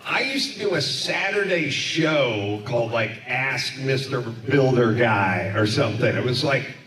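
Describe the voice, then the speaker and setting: A middle-aged man hosts a comedy podcast, telling a rambling comic story to a live audience. His medium-pitched, slightly bright voice is lively and unhurried, captured by a far mic in an echoey live room with audience sounds.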